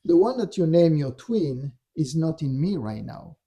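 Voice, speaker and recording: A man's voice: on the high side, very animated, measured pace, mellow. A man voicing a resolute young spiritual master who answers firmly and asks questions. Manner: firm, questioning.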